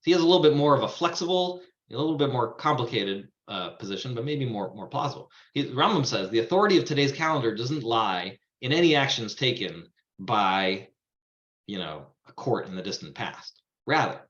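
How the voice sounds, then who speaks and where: A man's voice: mid-range voice, lively intonation, fairly quick, fairly bright tone. A man giving a Torah class in a conversational lecture style, often checking in with his listeners. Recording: roomy, dull lo-fi sound.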